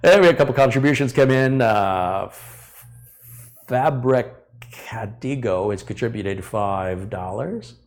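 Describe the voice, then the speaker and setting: A man's voice: mid-range voice, measured pace. A middle-aged man hosting a live tech stream, ranting bluntly and acting out his customers' side of phone calls. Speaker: tech channel host.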